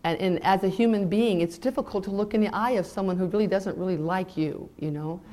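A middle-aged woman from California, giving an emotional Christian testimony to an audience as a mother, moving between bright emphasis and hushed intensity. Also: medium pitch, a little fast. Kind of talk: sermon-style personal testimony.

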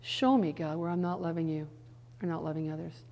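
A middle-aged woman giving a conversational Bible teaching, animated, swinging from soft, slow passages to emphatic bursts with quick asides. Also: low-pitched, gravelly, dull audio.

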